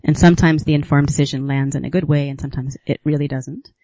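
A man giving a reflective talk as a retreat teacher, musing unhurriedly with gentle laughs and pauses. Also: a little high, steady tone, no echo, dull audio. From United States.

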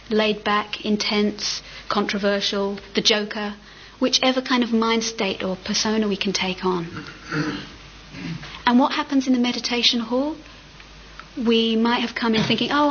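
A middle-aged woman giving a dharma talk as a meditation teacher, gentle and reflective with unhurried pauses. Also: fairly high pitch, slight background noise. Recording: slightly muffled with faint ambience.

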